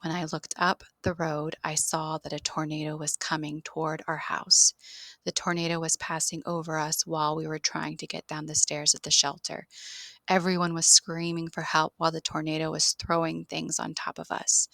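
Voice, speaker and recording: A woman's voice: deep voice, level tone, moderate pace, creaky, a bit bright, no room sound. A woman teaching an online English grammar lesson, explaining steadily and spelling words out letter by letter.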